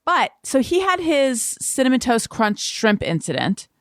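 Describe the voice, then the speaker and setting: A woman's voice: sits high, sing-song, unhurried, dry recording, clean studio sound. A woman hosting a podcast in casual chat, asking curious questions. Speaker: podcast host.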